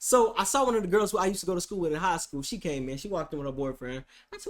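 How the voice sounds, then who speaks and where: A man streamer telling a comedic story about a day in court, animated and profane, swinging between loud outbursts and hushed asides. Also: on the high side, quick pace, hardly any pauses.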